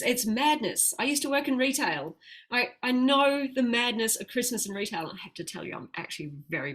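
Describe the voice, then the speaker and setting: A woman giving chatty, upbeat health coaching on a live stream, laughing often and slowing down when she explains calm breathing. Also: fairly high pitch. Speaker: plant-based health coach.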